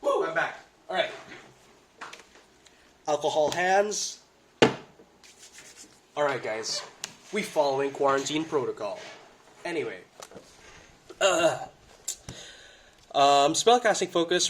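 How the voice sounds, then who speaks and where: A man with a head cold gives a casual, excitable breakdown of tabletop game rules in slangy gamer talk, recorded on a budget home setup. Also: mid-range voice, a little hiss or hum. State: congested from a cold.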